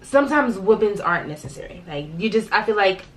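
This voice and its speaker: A woman co-hosting a casual chat show, speaking at a mid pitch in a relaxed, soft way. She tells easygoing stories about looking after a child. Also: fairly quick. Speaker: podcast co-host and godmother.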